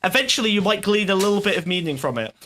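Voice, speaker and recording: A man co-hosting a casual commentary chat, with a high, bright voice. He rambles on sarcastically and swears freely. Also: lively intonation, fast talker, a little hiss or hum. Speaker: co-host.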